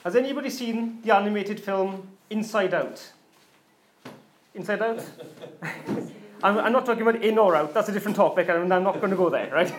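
A man's voice: sits high, moderate pace, pauses often. A pastor giving an informal, chatty sermon to his congregation, often laughing and mimicking voices as he talks. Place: church congregation.

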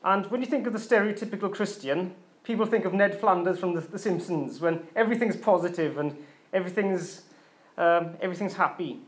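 A man with a high-pitched voice gives a relaxed, conversational sermon to a church congregation. He laughs easily and breaks into quick imitations of voices to make his points. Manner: chatty, laughs often, mimics voices. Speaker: pastor. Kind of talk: informal sermon.

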